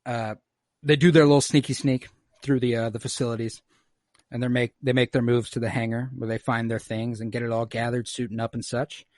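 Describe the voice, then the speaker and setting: A man hosting a podcast talks through an episode in an easy, laid-back way. He swears freely and acts out what the characters say. His voice sits in a middle pitch and sounds dry and close. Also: level tone, brisk, darkish tone, no room sound. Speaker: podcast host. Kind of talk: casual recap chat.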